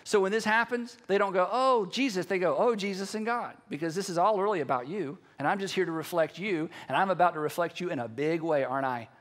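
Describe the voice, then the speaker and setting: A preacher putting on a calm man in quiet prayer, speaking to God in a knowing, conversational way. The voice sits high and bright, with a lowered, softened delivery. It reads as an everyday sermon retelling, not a stage role. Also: fast, hardly any pauses. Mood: confiding.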